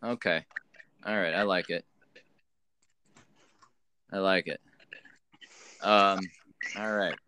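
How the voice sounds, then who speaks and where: A man's voice: deep voice, steady tone, slow, pauses often, noisy background. A man hosting a casual wrestling podcast, talking in a loose, rambling, hesitant way. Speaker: podcast host. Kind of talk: casual chat.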